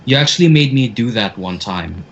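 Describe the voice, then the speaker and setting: Low-voiced man on a lo-fi video call. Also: lively intonation, a bit bright. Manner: reads in a slow suspenseful narrating voice. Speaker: podcast co-host. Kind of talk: casual chat, then reading a scary story aloud. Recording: dull lo-fi call audio.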